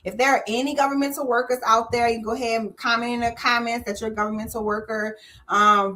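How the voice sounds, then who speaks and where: Bright, emphatic woman hosting a call-in. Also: a little high. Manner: energetic, emphatic, talks straight to the audience. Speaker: host of a call-in show on government contracting. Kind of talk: live call-in stream, direct to viewers.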